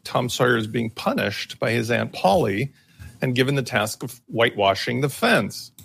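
A man on a tech talk panel making an emphatic case through a story, theatrical and building to loud points. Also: mid-range voice, vocal fry. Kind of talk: animated opinion talk with storytelling.

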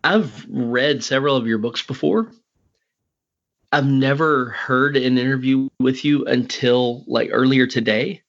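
Rambling, excitable male podcast host. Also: medium pitch, measured pace, highs cut off. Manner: rambling, excitable, laughs often. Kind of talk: casual interview chat.

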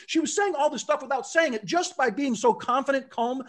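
A man with a notably high voice recounts a story in a relaxed, conversational way. He springs into little acted-out quotes, and his voice leaps up and down as he does. The delivery is lively and expressive throughout. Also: a little fast, soft background music. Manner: animated, acts out quotes with big pitch jumps. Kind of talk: casual storytelling.

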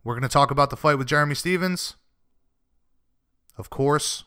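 A man's voice: a little high, normal speed, sharp tone, smooth, dry recording, studio quality. A man hosting a radio show, interviewing guests in an easygoing, friendly way and linking segments.

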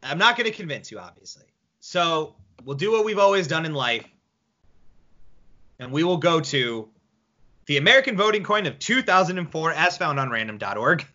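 The recording is slightly dull and lo-fi as a young man co-hosting a loose podcast debate argues incredulously, swearing along the way. His high, bright voice is sing-song, jumps around in pitch, and moves at a moderate pace.

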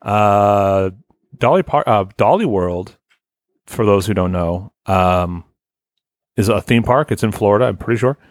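A man's voice: lowish voice, expressive, unhurried, dry recording, studio quality. A man hosting a casual podcast, reading listener lists in a loose, rambling way and swearing offhand. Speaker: podcast host.

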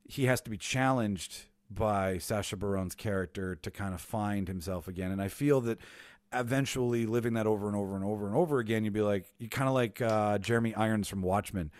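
A man's voice: fairly low pitch, darkish tone, no room sound. A man co-hosting a podcast on a video call, rambling loosely and swearing in casual debate. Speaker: podcast co-host. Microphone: home mic on a video call.

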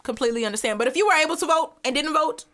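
A young woman co-hosting a podcast, talking in an animated, emphatic way and laughing often. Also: high-pitched, racing. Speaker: podcast co-host. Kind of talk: casual chat.

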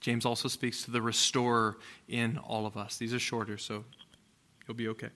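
A man's voice: medium pitch, level tone, normal speed, bright, forceful tone. A man in his thirties, a pastor preaching a sermon in a conversational, storytelling way that rises to emphatic peaks.

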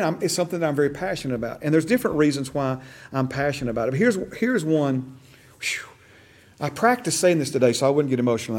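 A middle-aged man with a mid-range, slightly mellow voice teaches a church discipleship class. He is passionate and repetitive, often repeating and restarting phrases and checking in with "okay?".

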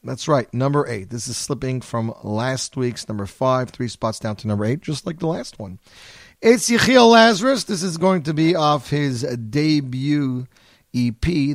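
Guy hosting a radio countdown, upbeat, jumps up loud when he gets excited, dry close mic. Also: measured pace, dry recording. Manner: upbeat, with sudden excited jumps in pitch and volume. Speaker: radio host.

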